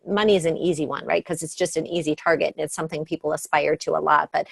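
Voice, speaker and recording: A woman co-teaching a class, speaking in a gentle, joyful and reflective way. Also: low-pitched, fairly even intonation, fast, creaky, hardly any pauses, dry recording, studio quality.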